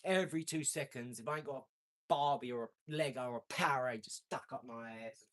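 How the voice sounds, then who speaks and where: A man, hosting a casual live stream, brash and boastful, with slang and swearing, swinging from loud outbursts to low mumbling. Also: fairly quick. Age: 40s.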